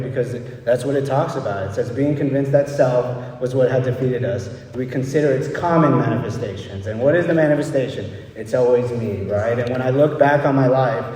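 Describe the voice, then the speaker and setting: A man's voice: medium pitch, fairly quick, warm tone. Candid young man in an echoey hall. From El Paso, Texas. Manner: loose and candid, leans on "right?" and "you know". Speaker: speaker at a recovery meeting. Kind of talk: personal recovery story. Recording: echoey hall, distant mic, faint background noise.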